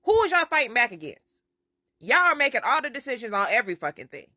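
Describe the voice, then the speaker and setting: A woman's voice: on the high side, big pitch swings, quick pace, bright, forceful tone, dry recording, studio quality. A woman ranting bluntly and with exasperation, swearing heavily. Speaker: commentator. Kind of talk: profane social media rant.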